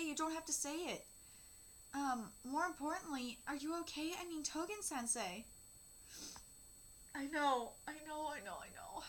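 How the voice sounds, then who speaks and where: A woman's voice: sits high, a little hiss or hum. A woman in her thirties hosting a manga reaction, reading the dialogue aloud and reacting with candid emotion. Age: 30s. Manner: emotional and candid, reads dialogue flatly between outbursts.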